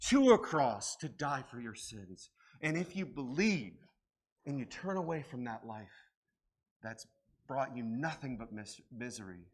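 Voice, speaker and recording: A man preaching a sermon with personal testimony at a church service, impassioned and swinging from hushed lines to emphatic ones, with repeated rhetorical questions. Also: a little high, slightly rough. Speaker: pastor.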